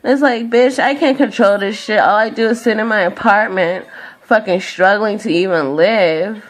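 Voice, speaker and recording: A woman's voice: medium pitch, moderate pace. A tired young woman venting in a profane, exasperated rant to camera. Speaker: vlogger.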